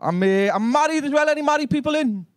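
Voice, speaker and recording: Brash Liverpool stand-up comic. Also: male voice, very high voice, lively intonation, fast, no echo. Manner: brash, swearing, bantering with the crowd. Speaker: stand-up comedian. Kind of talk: live stand-up comedy.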